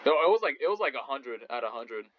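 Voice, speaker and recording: A man's voice: medium pitch, sing-song, quick pace. Hesitant casual man, stumbling restarts, muffled voice-call audio. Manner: hesitant, filler-heavy. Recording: dull voice-call audio with faint noise.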